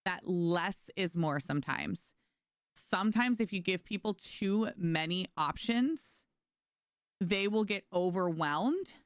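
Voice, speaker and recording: A woman's voice: medium pitch, smooth, no room sound, studio quality. A woman from New York streaming a game, reading chat aloud and answering it in a chatty, sarcastic way. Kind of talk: casual chat with stream chat while gaming.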